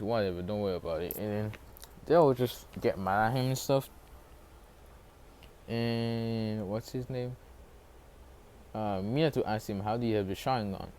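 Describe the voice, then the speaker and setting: A man with a fairly low voice and a sore throat, casually retelling a fan story. He rambles, fills the gaps with "uh" and "and stuff," and keeps stopping to hunt for names. A faint hiss sits under his voice. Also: a little mellow. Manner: rambling, loses track of names, many fillers.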